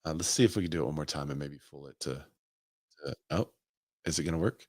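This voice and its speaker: A real estate agent hosts a casual live stream, thinking out loud and asking viewers what they think. He has a bass voice and talks fast, recorded in studio quality with no echo.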